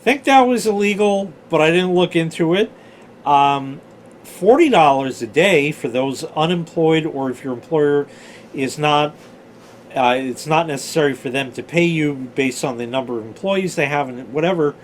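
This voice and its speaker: Chatty and prone to digressions, this man in his forties hosts as a storyteller, swearing freely as he wanders through old tales. He speaks at a moderate pace in a fairly high voice, against slight background noise.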